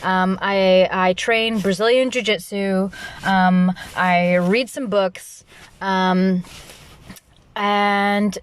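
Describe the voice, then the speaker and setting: A young adult woman hosting her own podcast in a loud, rambling solo monologue, restarting sentences often and laughing at herself. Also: mid-range voice, extremely slow, smooth. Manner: loud, animated delivery. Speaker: podcast host.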